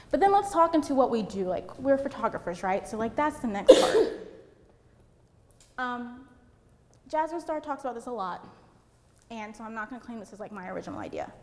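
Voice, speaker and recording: A loud, chatty woman from Puerto Rico giving a seminar talk to photographers, using a handheld mic and saying "like" a lot. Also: fairly high pitch, long reverb tail. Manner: chatty, lots of "like". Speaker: seminar speaker. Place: seminar room with an audience.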